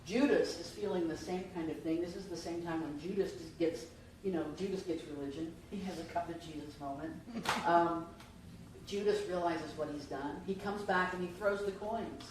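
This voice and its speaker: Addressing the congregation with questions, a woman minister gives a conversational Easter sermon at a moderate pace, her voice fairly low and darkish. The recording is from a distant mic in a very echoey church sanctuary with faint noise.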